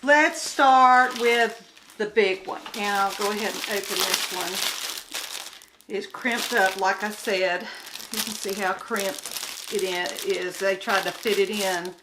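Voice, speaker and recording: A woman's voice: medium pitch, fairly even intonation, slow pace, very noisy. A woman crafts vlogger chatting casually to her viewers while unboxing kits at home, talking straight to the camera and getting exasperated over problems. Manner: chatty, addresses viewers directly, grows exasperated.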